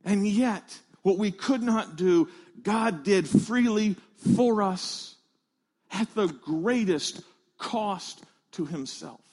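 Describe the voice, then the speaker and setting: Slow, high-voiced male preacher. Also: darkish tone. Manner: earnest, emphatic preaching with slow stressed phrases. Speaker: pastor. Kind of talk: sermon.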